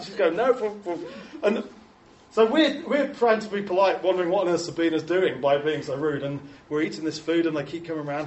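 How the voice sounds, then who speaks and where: A rather high-voiced Englishman tells chatty, self-mocking stories to a crowd, slipping into the voices of the people he quotes. He sounds distant from the microphone, and his words ring through a large echoey hall. A faint hiss runs underneath. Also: fairly quick, darkish tone, lo-fi sound. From England. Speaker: speaker showing photos to an audience. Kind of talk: humorous anecdotal talk.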